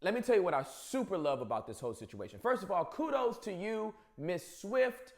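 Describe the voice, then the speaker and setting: A man's voice: sits high, very animated, a little fast, gravelly. A man hosting a comedic news monologue, emphatic and playful.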